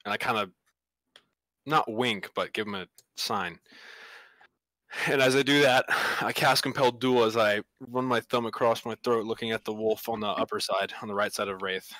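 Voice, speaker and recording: A man's voice: on the low side, moderate pace, bright, forceful tone, dry recording. A man playing a tabletop game over a voice call, eager and chatty, often asking rule questions. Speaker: player.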